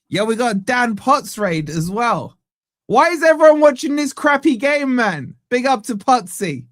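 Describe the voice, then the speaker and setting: A man hosting a live football watch-along stream from a home setup. He banters with viewers and gives them shout-outs. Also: very high voice, sing-song, measured pace, dry recording, studio quality. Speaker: fan channel host.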